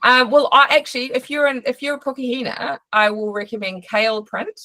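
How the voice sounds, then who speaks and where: A woman's voice: a little high, steady tone, a little fast, pushed and bright, dry recording. A woman with a New Zealand accent coaching artists in a live online session, chatty with many fillers and restarts. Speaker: art business coach. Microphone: video call.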